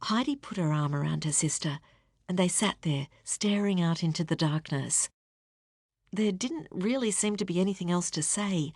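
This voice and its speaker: A woman narrating an audiobook with a steady, expressive reading. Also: on the low side, no room sound, studio quality. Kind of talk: scripted narration.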